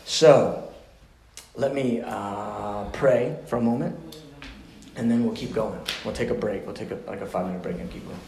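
A man's voice: on the low side, moderate pace, dark tone, reverberant, slight background noise. A man teaching a sermon class as pastor, talking in a passionate, conversational way with restarts before closing in prayer.

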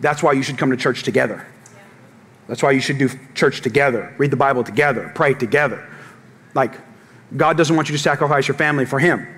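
A middle-aged male pastor with a husky, medium-pitched voice preaches a sermon a little fast. Animated, he tells jokes and stories and calls out to the congregation.

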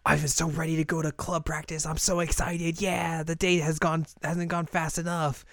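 A man voicing an eager young schoolgirl guitarist, excitable and flustered in an animated retelling. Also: high-pitched, slow pace, pitched above the performer's own voice, full character voice. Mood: excited.

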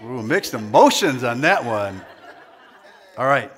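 Speaking slowly, with a medium-pitched, sing-song voice that is fairly bright and slightly rough, a male pastor delivers a sermon to a live congregation in a church hall. Jokey banter and call-and-response with the crowd give way to earnest preaching.

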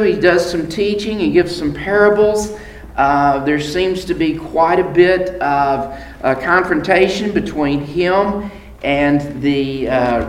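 Guy teaching a bible class, kinda high voice, lots of uhs and restarts, echoey room. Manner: halting, with frequent fillers and restarts. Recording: echoey room with faint background noise.

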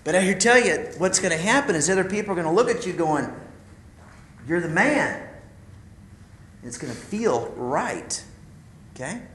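A man delivers a sermon-like talk to a room of men, calling them "guys" and sharing a personal story in a loose, conversational way. His voice sits a little high for a man. The room echoes, with a faint ambient hum behind him. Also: expressive, brisk, fairly bright tone. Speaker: speaker at a men's ministry.

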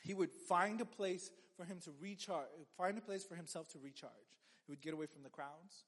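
A man's voice: high voice, fairly even intonation, a little fast, a bit bright, in a large hall. A man preaching a sermon as a pastor, in a conversational way with joking asides and frequent restarts.

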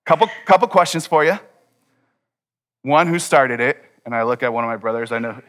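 A man preaching a sermon, telling a personal story and acting out the dialogue with lively energy. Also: mid-range voice, fairly quick. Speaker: pastor.

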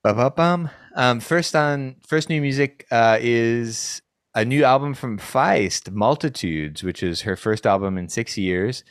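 A man's voice: mid-range voice, a little slow, smooth, no room sound, studio quality. A man co-hosting a podcast, chatting casually and rambling with many restarts. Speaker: podcast co-host. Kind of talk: casual chat.

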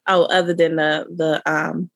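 A woman's voice: sits low, little pitch movement, unhurried, a bit bright, no room sound. Female co-host, conversational and direct, dry close recording. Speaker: podcast co-host recapping a reality show. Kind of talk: casual chat.

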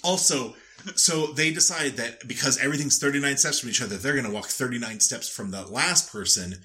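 A man's voice: medium pitch, a little fast, sharp tone. A man co-hosting a podcast, recapping a TV show in wry, rambling, sweary casual chat. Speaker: podcast co-host.

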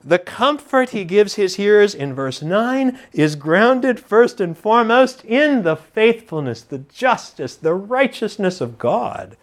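A man preaching an expository sermon to a congregation, teacherly and animated, joking with the room. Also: sits high, slow, hardly any pauses.

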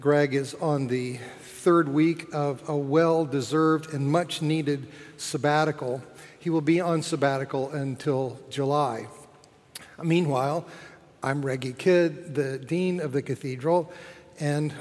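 A man delivers a sermon from a cathedral, his somewhat high voice ringing through a long reverb. He speaks slowly, in measured phrases that lift for emphasis. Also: darkish tone. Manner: slow, measured preaching with emphatic rises. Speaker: cathedral dean. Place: large cathedral.

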